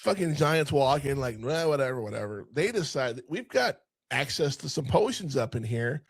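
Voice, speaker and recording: Male podcast host, higher voice, dry close mic, animated swearing film recaps. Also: moderate pace, breathy edge, no room sound. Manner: animated retelling, frequent swearing. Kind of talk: casual film review chat.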